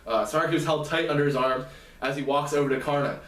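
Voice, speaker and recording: A man casually retelling a novel's plot as a lecture, halting and restarting often. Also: a little high, a bit bright. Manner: halting, many fillers and restarts. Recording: roomy, distant mic.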